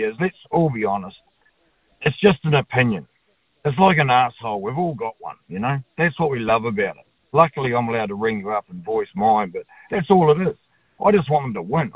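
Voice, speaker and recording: Calling in to a talkback show, this New Zealand-accented man is blunt, blokey and opinionated, with casual swearing. His medium-pitched voice comes through a tinny phone line with no room sound.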